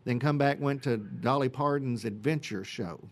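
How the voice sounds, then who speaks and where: A man, a church senior group leader chatting in a radio interview, folksy and rambling, with many fillers and throat clearing. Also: mid-range voice, moderate pace. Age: 50s.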